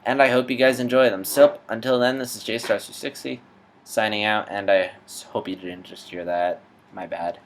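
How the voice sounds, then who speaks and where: A man's voice: on the low side, steady tone, moderate pace, slight background noise. A man hosting a casual comedy vlog with a self-deprecating, offhand manner. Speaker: vlogger.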